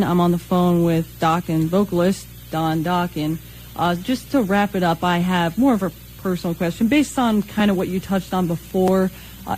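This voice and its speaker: Young radio guy, highish voice, rambling questions with lots of ums, light background hiss. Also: darkish tone, low-quality recording. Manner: hesitant, many fillers. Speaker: radio host. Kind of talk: radio interview.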